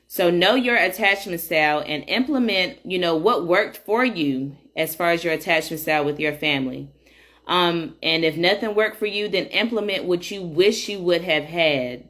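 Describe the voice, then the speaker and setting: A woman with a notably low, deep speaking voice hosts a casual solo podcast. She talks in a chatty, candid, unscripted way, often pausing on an "um" as she thinks. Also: a bit bright. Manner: chatty and candid, frequent um fillers. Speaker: podcast host.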